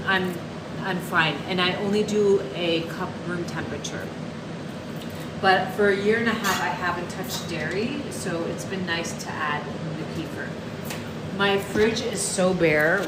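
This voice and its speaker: Woman, casual live chat, talks to viewers, echoey kitchen, loud background noise. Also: fairly low pitch, normal speed. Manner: chatty, warm toward viewers, calls them "my love". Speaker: wellness livestream host. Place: home kitchen.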